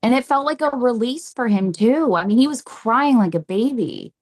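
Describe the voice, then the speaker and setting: A woman, a psychic medium, telling stories in a podcast interview, animated and repeating phrases as she acts out what people said. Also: on the high side, normal speed.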